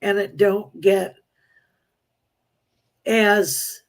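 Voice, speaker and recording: A woman appearing as a psychic guest on a live stream, speaking in a halting, plain-spoken way with many restarts. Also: mid-range voice, fairly even intonation. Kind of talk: casual live-stream chat.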